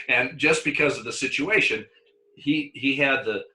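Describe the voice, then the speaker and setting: An older man recounting his umpiring days in a casual interview. His voice is very bright and sharp, and he stumbles over repeated words and breaks into laughter. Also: medium pitch, measured pace, poor audio. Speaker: former umpire.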